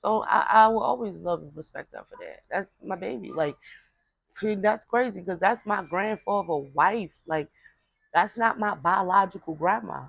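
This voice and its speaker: Gravelly-voiced woman telling a family story. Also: medium pitch, moderate pace, no echo, low-quality recording. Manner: rambling, repeats words, frequent fillers; acts out voices of relatives in quotes. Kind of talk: casual personal storytelling.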